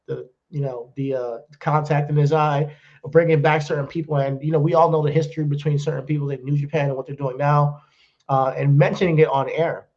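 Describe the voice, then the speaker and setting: A man with a fairly high voice holds forth in casual podcast chat. He rants bluntly and drops profanity as he goes. The audio is dull and lo-fi. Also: fairly even intonation, brisk. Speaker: podcast co-host.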